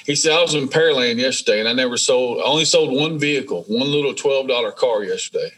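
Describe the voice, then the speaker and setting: A man, a business owner being interviewed, telling stories in a casual, animated way and acting out the dialogue. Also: mid-range voice, fast, poor audio. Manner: animated, acts out dialogue in storytelling. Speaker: welding business owner, guest. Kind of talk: casual storytelling.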